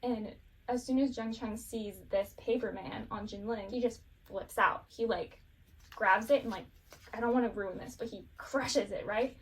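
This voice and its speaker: A woman's voice: fairly high pitch, moderate pace, distant mic. A woman casually recapping a show, rambling and giggling, with lots of fillers.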